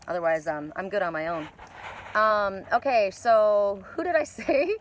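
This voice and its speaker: A woman's voice: medium pitch, a little slow. A woman doing a live oracle card reading outdoors by a lake, chatty and blunt, swearing casually.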